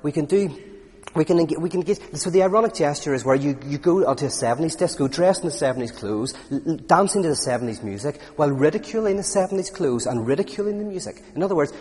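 A man's voice: on the high side, animated, fast, darkish tone. A man giving a conversational talk on philosophy and faith, full of anecdotes, fillers and restarts. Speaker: speaker. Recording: reverberant hall.

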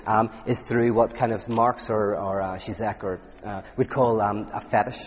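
A man's voice: on the low side, darkish tone. A man giving a conversational talk on philosophy and faith, full of anecdotes, fillers and restarts. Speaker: speaker. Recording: reverberant hall.

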